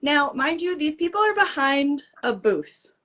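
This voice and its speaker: A woman guest recounting a story with lively energy, her voice on the higher side. She slips into the voices of the people in the story as she talks. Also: measured pace. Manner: animated, acts out dialogue. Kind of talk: casual storytelling.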